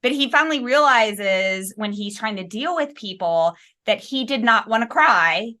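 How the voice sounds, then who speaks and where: Bright, enthusiastic woman podcast host. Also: a little high, animated, moderate pace. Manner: enthusiastic, retelling scenes from the book. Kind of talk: podcast interview.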